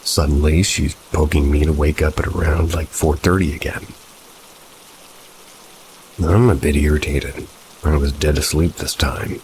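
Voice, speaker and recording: A man reading true paranormal stories aloud as a steady, low-key horror narrator. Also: a little slow, pauses often, slight background noise, low-quality recording.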